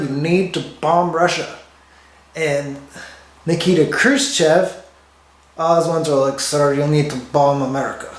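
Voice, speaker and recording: Rambling deadpan man in an echoey room. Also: fairly high pitch. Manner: deadpan, rambling, self-interrupting. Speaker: comedian. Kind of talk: rambling comic monologue. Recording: roomy echo.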